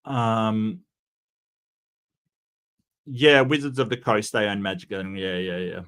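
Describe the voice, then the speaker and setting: A man's voice: fairly low pitch, fairly even intonation, slow, fairly bright tone, clean tone. A man chatting casually on a livestream, reading and answering chat, rambling with many restarts and fillers while giving strong opinions.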